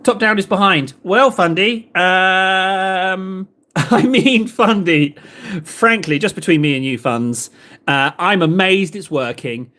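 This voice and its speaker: A man's voice: high voice, slow pace, bright, forceful tone. An English man in his thirties, chatting casually with viewers on a livestream in a rambling, playful way, full of rhetorical questions. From England. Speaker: livestream host painting miniatures.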